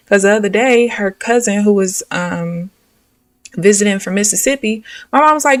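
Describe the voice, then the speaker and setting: A woman's voice: medium pitch, animated, moderate pace, no echo, recorded from a distance. A young woman tells a rambling, exasperated story, dropping slang and swear words. Her voice is dry and sits a bit back from the microphone. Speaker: live trading streamer. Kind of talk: casual storytelling while trading live.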